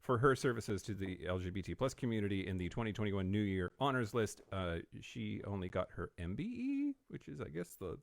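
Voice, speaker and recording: A man's voice: on the low side, very animated, brisk, vocal fry, few pauses, dry recording. A man co-hosting a podcast, reading out news items with wry asides and frequent fillers in a casual studio chat. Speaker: podcast co-host.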